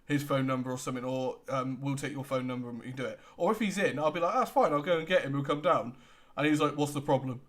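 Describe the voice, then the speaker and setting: A young man with a British accent, co-hosting a casual podcast, relaxed and laughing often as he retells customer exchanges. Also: mid-range voice, fast talker. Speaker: podcast co-host. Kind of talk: casual chat.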